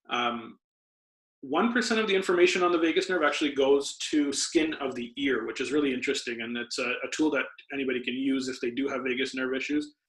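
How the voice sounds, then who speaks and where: A man's voice: mid-range voice, a bit bright. A man, a doctor, patiently explaining health tips as a podcast guest. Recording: roomy echo.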